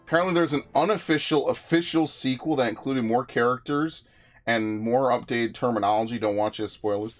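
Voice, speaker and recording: A man's voice: medium pitch, a little fast, faint music behind. A man streaming a video game, chatting casually in a rambling, frustrated way, swearing often and restarting his sentences. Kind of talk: casual live-stream chat while playing.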